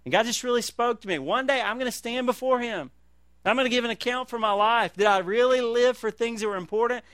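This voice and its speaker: A middle-aged man preaching a sermon as pastor, swinging between loud calls and quiet, slow emphasis. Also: very high voice, clear, resonant tone, no room sound.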